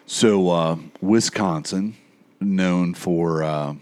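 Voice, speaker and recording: A male host with a very deep voice who talks slowly and unhurriedly. He is laid-back and sprinkles in swearing, and he often stalls on "um" between his thoughts. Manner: laid-back, profane, with halting fillers. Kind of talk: casual chat.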